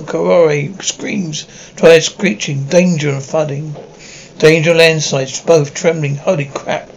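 A man's voice: a little high, fairly even intonation, slow, vocal fry, slight background noise, poor audio. A man reading an anime episode script aloud. He reads the stage directions and all the parts in one plain voice and often stumbles over words. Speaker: script reader.

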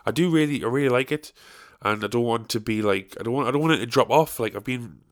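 The speaker is a tired young man with a medium-pitched voice who talks at a quick pace. He's hosting a solo podcast, chatting casually in a rambling, self-deprecating style full of swearing.

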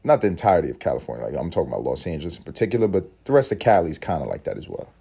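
A man's voice: low voice, big pitch swings, very fast, gravelly, warm tone, slightly rough. A man hosting a solo podcast, musing aloud in a profane, rambling way and laughing often. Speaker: podcast host.

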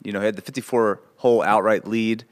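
A man's voice: lowish voice, steady tone, fast. A man co-hosting a golf podcast, explaining shots in an opinionated, casual way. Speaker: podcast co-host. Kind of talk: casual golf analysis chat.

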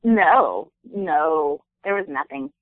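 A woman calling in as a podcast guest, giggly and lively in casual chat. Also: low-pitched, slow, no room sound. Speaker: phone guest. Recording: tinny phone line.

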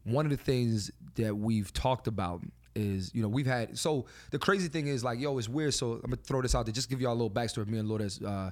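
A man hosting a podcast in a studio, talking in a loose, animated way with lots of swearing and filler phrases. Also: mid-range voice, fairly quick, few pauses. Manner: animated, swearing, repeats "you know what I'm saying". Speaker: podcast host. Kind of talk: casual podcast chat.

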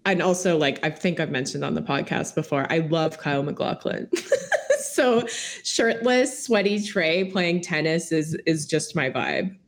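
Young woman podcast cohost, kinda low voice, rambly, restarts a lot, giggles. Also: fairly even intonation, moderate pace, vocal fry, few pauses. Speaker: podcast co-host. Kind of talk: casual podcast chat.

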